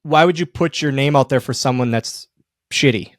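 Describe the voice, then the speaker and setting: Telling stories in a relaxed, animated way and laughing frequently, this podcast host leads a casual interview chat. His voice is mid-range and moderately paced, and the studio-quality recording is dry.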